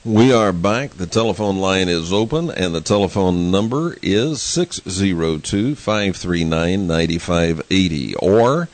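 Slow, low-voiced male radio host. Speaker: call-in radio show host. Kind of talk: call-in radio talk.

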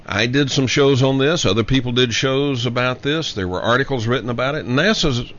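A man's voice: mid-range voice, a bit bright. Emphatic male host, slightly lo-fi. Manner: emphatic, repeats key lines slowly for effect. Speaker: show host. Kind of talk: monologue commentary. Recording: dull lo-fi audio.

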